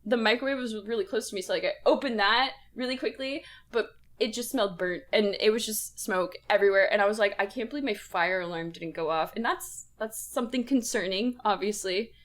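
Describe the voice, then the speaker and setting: A young woman co-hosting a podcast, telling a story in casual chat, animated and laughing often. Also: medium pitch, brisk, hardly any pauses. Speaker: podcast co-host.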